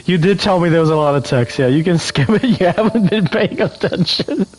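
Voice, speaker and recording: A man's voice: sits high, animated, brisk, darkish tone, low-quality recording. A man streaming a game, casually joking, swearing, and laughing often while reading game text aloud. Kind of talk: casual livestream gaming chat.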